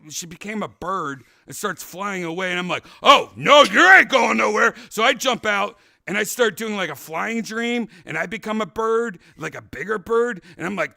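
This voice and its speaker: A man hosting a casual talk show, rambling through a story and loudly acting out what people said. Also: high-pitched, creaky, no room sound, studio quality. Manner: rambling, animated, acts out quotes loudly. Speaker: podcast host.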